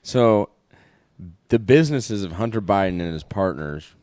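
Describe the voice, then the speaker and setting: A man's voice: lowish voice, lively intonation, unhurried, darkish tone, no echo. A man co-hosting a podcast, chatting casually with wry, joking asides. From Iowa. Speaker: podcast co-host. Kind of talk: casual political chat.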